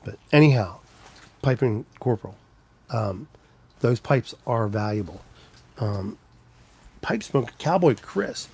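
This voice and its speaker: A man's voice: mid-range voice, animated, slow, vocal fry, pauses often, a little mellow, slightly rough. Rambling man chatting on a livestream. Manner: rambling, greets chat viewers by name. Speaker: livestream host. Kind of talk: casual live-stream chat. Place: walking around his home.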